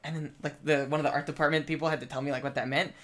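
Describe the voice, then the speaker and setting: A man's voice: fairly high pitch, level tone, rapid-fire, a bit bright. A man in casual chat, rambling with lots of filler words and swearing while telling a story from a film set. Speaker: film crew member.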